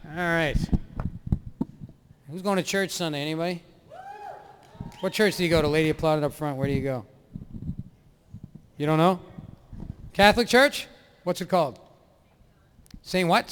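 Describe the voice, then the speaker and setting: A man's voice: on the high side, fairly bright tone, slight background noise. A man doing stand-up on stage into a mic, teasing the crowd with brash, mocking asides. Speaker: stand-up comedian. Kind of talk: live stand-up set with crowd work. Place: live show stage. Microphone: stage mic, soundboard feed.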